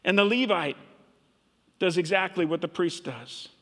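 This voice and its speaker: High-voiced storytelling pastor in a hall. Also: male voice, unhurried, a bit bright. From Minnesota. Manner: storytelling preacher, voices characters' thoughts. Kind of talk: sermon.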